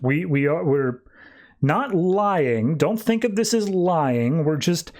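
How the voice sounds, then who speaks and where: A man voicing a calm, persuasive older male butler in a measured manner. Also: a little high, voice pushed up.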